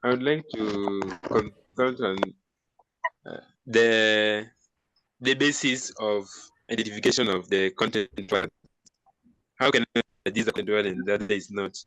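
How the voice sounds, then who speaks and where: A man's voice: lowish voice, fairly even intonation, a little slow, long pauses, a bit bright, no room sound, rough recording. A male student, asking a question in a hesitant way and restarting his words.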